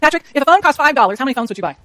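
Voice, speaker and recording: A woman's voice: high voice, lively intonation, very fast, a bit bright, no room sound. A middle-aged woman lecturing a university economics class in a chatty way, asking the students questions as she goes.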